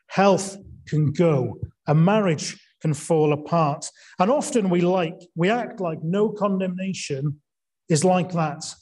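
A man's voice: fairly high pitch, dark tone. A man preaching an evening sermon, earnest, asking rhetorical questions and leaning hard on key words.

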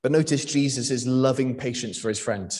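A man's voice: medium pitch, normal speed, a little mellow. A young man from Wales preaching a sermon in a conversational way, with frequent fillers and restarts.

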